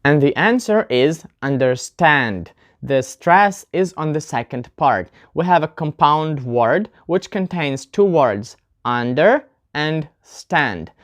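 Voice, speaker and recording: A woman's voice: low-pitched, animated, slow pace, hardly any pauses. A woman giving a casual online English pronunciation lesson, chatty and talking straight to viewers, demonstrating word stress aloud. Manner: chatty, often addresses viewers as "guys".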